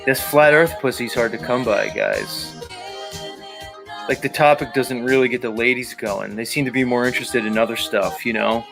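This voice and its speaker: A man's voice: mid-range voice, fairly even intonation, normal speed, vocal fry, over music. A man hosting a livestream, chatting casually and crudely as he greets viewers and reads their comments. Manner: crude, joking, rambling. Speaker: livestream host.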